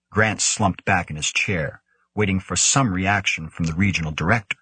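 Low, husky male audiobook narrator. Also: sharp tone, no room sound. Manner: measured storytelling, voicing characters. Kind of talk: scripted narration.

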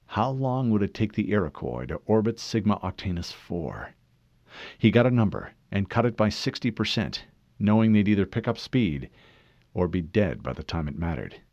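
A man reading a novel aloud in measured, expressive scripted narration. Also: fairly low pitch, no room sound, muffled recording. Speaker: audiobook narrator.

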